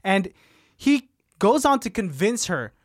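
A man co-hosting a podcast, telling a movie plot in casual chat, animated, laughing often and swearing freely. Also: sits high, slow pace, no room sound, clean studio sound.

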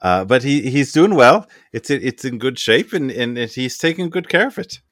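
A man voicing a calm, composed woman leader who speaks politely and evenly. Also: medium pitch, moderate pace, dry recording, voice pushed up. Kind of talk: voicing a character in a tabletop game.

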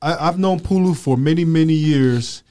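A man's voice: a little high, moderate pace, warm tone. A middle-aged man hosting a casual podcast, joking and teasing his guests. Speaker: podcast host. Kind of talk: casual chat.

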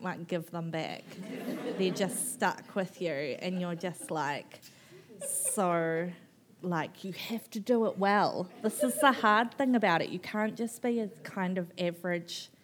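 A woman, an author telling her story on stage at a book festival, frank and animated, swearing casually and laughing often. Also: lowish voice, slight background noise. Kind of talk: candid conversational storytelling.

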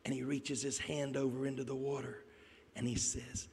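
A man preaching a sermon, telling a Bible story in an animated way and putting questions to the congregation. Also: medium pitch, moderate pace, gravelly. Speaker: pastor. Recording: echoey hall.

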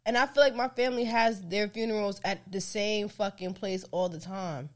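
A woman's voice: mid-range voice, fairly even intonation, normal speed. A young woman co-hosting a podcast, telling stories with jokes and frequent profanity. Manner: joking, storytelling, frequent laughter, profane. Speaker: podcast co-host. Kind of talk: casual chat.

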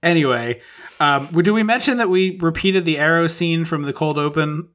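A man with a bright, somewhat high voice co-hosts a casual podcast chat. He talks with animation and slips into exaggerated voices when quoting people. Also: normal speed. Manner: animated, breaks into exaggerated voices for quoted characters. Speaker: podcast co-host.

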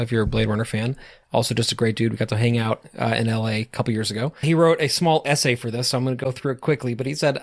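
A man co-hosting a casual podcast in an easygoing way, reading listener essays aloud. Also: medium pitch. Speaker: podcast co-host. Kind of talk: casual fan podcast chat.

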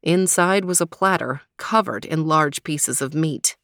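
A woman narrating a children's mystery story in a steady storytelling manner. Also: sits low, a little slow, dry recording, studio quality.

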